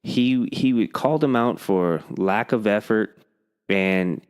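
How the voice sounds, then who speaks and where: A man in loose podcast banter, his voice sitting very low with a clean, resonant ring. He rambles through stories and does not mince words. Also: takes it slowly, smooth. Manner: rambling storyteller, blunt and profane. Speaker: podcast co-host; coach. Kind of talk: casual chat.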